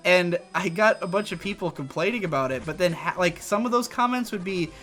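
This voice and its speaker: Male co-host from Canada, high and bright, rants animatedly over gameplay. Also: a little fast. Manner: rambling, animated ranting. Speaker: co-host of a gaming channel. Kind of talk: casual chat over gameplay.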